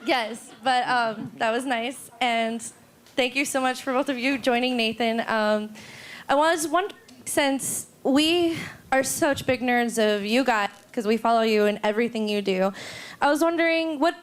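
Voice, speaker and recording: A woman's voice: fairly high pitch, unhurried. A woman in the audience of a convention panel asking a question, gushing and hesitant, on a handheld mic. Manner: nervous, gushing, hesitant fillers.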